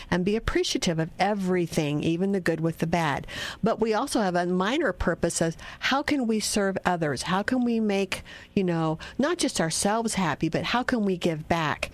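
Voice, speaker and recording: A chatty woman reads tarot for radio callers and gives gentle, reassuring advice. Her voice sounds close and dry, with no room sound around it. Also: lowish voice, no room sound. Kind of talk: radio call-in readings.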